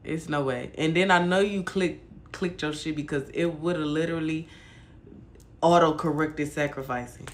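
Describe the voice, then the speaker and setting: A woman's voice: sits low, moderate pace. A woman from Michigan hosting a casual livestream chat, ranting bluntly and cursing freely at her viewers. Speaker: livestream host.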